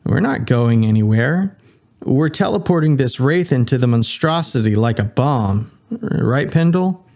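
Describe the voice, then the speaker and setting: A man's voice: mid-range voice, lively intonation, measured pace, gravelly, a little mellow. A man voicing a brash, scornful young man in an audiobook.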